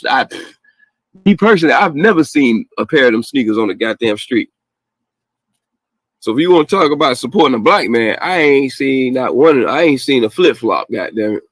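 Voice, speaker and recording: A man's voice: on the high side, no echo. Blunt, profane man ranting. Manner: blunt, profane, animated, with laughs and mocking quotes. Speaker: podcast host. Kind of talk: casual profane rant.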